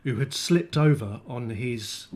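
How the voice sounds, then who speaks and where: A man's voice: medium pitch, animated, a little slow, darkish tone. A man, co-hosting a comic live chat show and telling self-deprecating stories. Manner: anecdotal, self-deprecating storytelling. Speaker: co-host.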